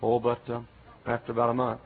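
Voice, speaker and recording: A middle-aged man from Texas with a Texan accent, preaching a sermon as a pastor, telling stories and breaking into shouts. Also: medium pitch, fast talker, creaky. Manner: animated storytelling, bursts into shouts and chants. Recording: tinny phone-like recording.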